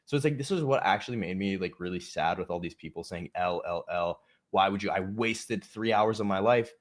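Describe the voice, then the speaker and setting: A man with a fairly low voice, talking casually and off the cuff on a livestream. He is blunt and profane, riffing and ranting at his audience. His delivery is loose and conversational. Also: brisk. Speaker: livestream host.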